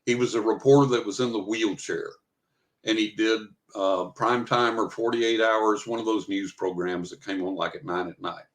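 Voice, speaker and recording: An older man, a psychic guest in an interview, telling a story in a lively way and acting out what he said. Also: lowish voice, moderate pace, poor audio. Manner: lively storyteller who acts out his own quoted lines.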